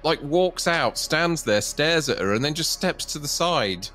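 A man's voice: fairly high pitch, animated, a little slow, loud music behind the voice. A man hosting a podcast, chatting casually with wry, chuckling asides. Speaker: podcast host.

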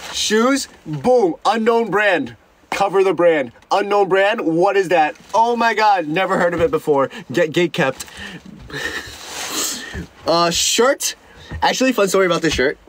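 A man's voice: a little high, a little hiss or hum. A young man chatting casually on a live stream, rambling and joking with lots of stuttered restarts. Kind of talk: casual livestream chat.

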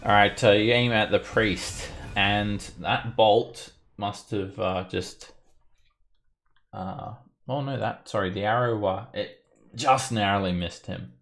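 A man with a low, gravelly voice runs an online tabletop game. He patiently walks players through the rules, then narrates what happens. His delivery is steady and matter-of-fact. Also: slow. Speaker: game master. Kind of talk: narrating a tabletop game over a live stream.

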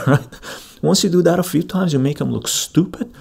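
Gravelly, blunt middle-aged man. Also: medium pitch, steady tone, moderate pace, warm tone. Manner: blunt and emphatic, repeats "right?". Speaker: live-stream host. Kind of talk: opinionated live-stream monologue.

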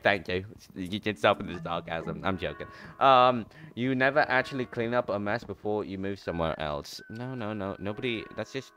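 A man's voice: sits low, a bit bright. A man streamer giving casual, playful commentary while playing a game, often jumping into mock trash talk.

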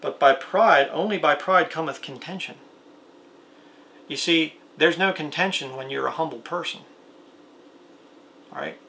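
A man's voice: a little high, unhurried, pauses often, sharp tone, slight background noise. A man preaching a plain-spoken video sermon, reading scripture aloud and asking his listeners rhetorical questions.

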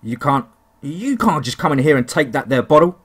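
A man reading a horror story aloud, voicing a huge hostile redneck bully in a bar who blusters loudly. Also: fairly high pitch, big pitch swings, normal speed, slightly rough. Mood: angry shouting. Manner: loud, blustering and threatening.

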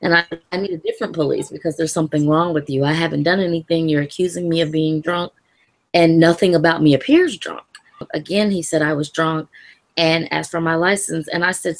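Her very low voice carries a creaky, gravelly grain as she calmly tells an interviewer about her own experience in measured phrases. She's from the Louisville area of Kentucky and lets out a gentle laugh here and there.

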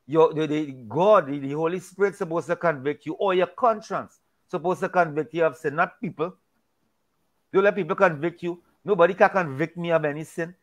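Emphatic man with a higher voice. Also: brisk. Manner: emphatic, preachy, repeats and restarts words often. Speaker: Bible discussion participant. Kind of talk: casual Bible discussion.

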